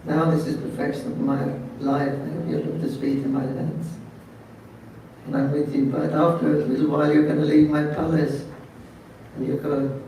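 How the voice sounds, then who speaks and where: A man plays a tender, tearful queen full of devotion, speaking earnestly. The voice is somewhat high and mellow, and it rings through a large echoing hall from far off. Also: flat delivery, moderate pace, slight background noise, lightly acted. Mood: earnest longing. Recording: very echoey hall, distant mic.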